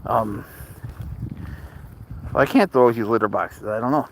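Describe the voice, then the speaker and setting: A man hosting a live stream outdoors at night on a phone, rambling and joking with viewers while talking softly to his cat. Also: mid-range voice, normal speed, creaky. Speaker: livestream host. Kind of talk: casual live-stream chat.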